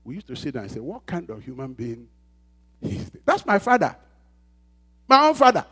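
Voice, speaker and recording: A man's voice: on the high side, huge pitch swings, normal speed, bright, forceful tone, slightly rough. A man preaching a sermon as pastor, emphatic and repeating phrases, calling out questions for the congregation to answer. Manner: call-and-response questions to the congregation.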